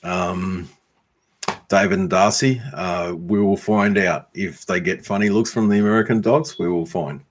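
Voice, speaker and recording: A man with an Australian accent reads out and answers viewer comments in a relaxed, unhurried way. His voice sits low, and he fills his pauses with ums and teases people by name. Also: a little hiss or hum. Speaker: YouTube homesteader and blacksmith answering viewer comments. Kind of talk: casual livestream chat.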